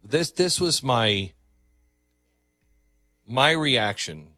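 A man's voice: medium pitch, lively intonation, very slow, bright, forceful tone, dry recording, studio quality. A man hosting a call-in radio show, speaking in a thoughtful, reflective way. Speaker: radio host. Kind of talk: talk radio.

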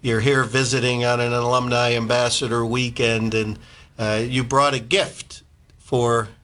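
Bright-voiced baseball interviewer. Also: male voice, medium pitch, level tone, measured pace. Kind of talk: casual interview.

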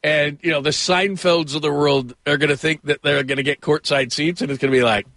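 A man's voice: a little high, steady tone, fairly quick, a bit bright, no room sound. A middle-aged man hosting a sports radio show, telling rambling stories and laughing often. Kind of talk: casual sports talk and storytelling.

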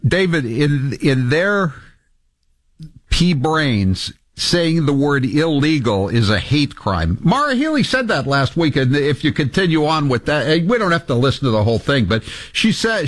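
Animated male talk radio host. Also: mid-range voice, no room sound, studio quality. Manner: animated, sarcastic, quick to rant.

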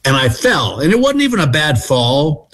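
A middle-aged man from Texas, telling stories as a comedy guest in a relaxed, self-deprecating way. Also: on the high side, normal speed, faint music behind. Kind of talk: casual storytelling.

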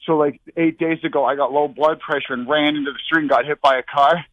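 Breathless rambling caller. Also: male voice, on the high side, steady tone, fast, fairly bright tone, lo-fi sound. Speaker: regular caller. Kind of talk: rambling phone-in call.

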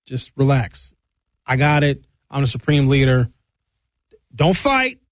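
A man's voice: mid-range voice, big pitch swings, slow, no room sound, studio quality. A man putting on a laid-back male supreme leader who tells everyone to relax in a casual, soothing way.

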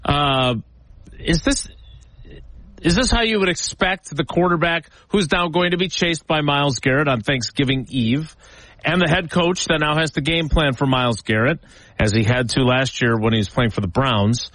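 A male sports talk host introducing clips and questioning his co-host, lively, jokingly mimicking players. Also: fairly high pitch, moderate pace, dry recording, low-quality recording.

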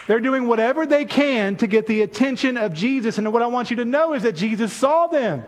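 Man, pastor, sermon, high-pitched voice, animated, engages the congregation. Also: brisk, hardly any pauses, a little hiss or hum. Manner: animated preaching, calls on the congregation to respond.

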